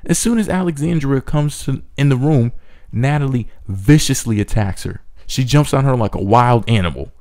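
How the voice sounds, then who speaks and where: Sarcastic man with a mellow voice. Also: medium pitch, normal speed. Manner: sarcastic, mocking asides. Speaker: recap commentator. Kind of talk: snarky TV recap commentary.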